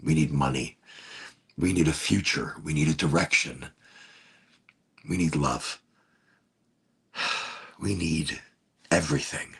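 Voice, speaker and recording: A man in a casual, rambling vlog monologue, talking slowly and emotionally with restarts and sighs, indoors at home. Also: rumbling low, vocal fry, fairly bright tone, breathy edge. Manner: slow, dreamy and emotional, with many restarts and sighs. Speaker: vlogger.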